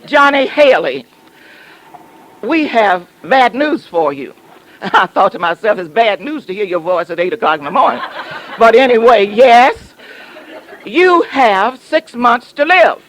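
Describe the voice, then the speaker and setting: A woman's voice: a little high, animated, measured pace, rough recording. A woman pastor from the southern United States preaching a sermon, telling a story with humor and teasing her congregation.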